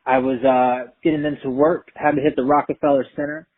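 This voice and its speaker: A man telling a story in a profane, streetwise, animated way. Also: mid-range voice, a little fast, husky, no echo. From Brooklyn, New York. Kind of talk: casual spoken storytelling. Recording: tinny phone-like line, dry.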